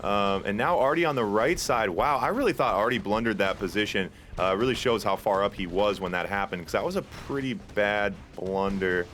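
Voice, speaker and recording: A man casting an online strategy game tournament, casual and chatty, climbing higher and louder when the action heats up. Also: fairly quick, few pauses, slight background noise. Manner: excitable, rises sharply in pitch at big plays; casual, chatty with filler words. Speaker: tournament caster. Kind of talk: esports play-by-play commentary.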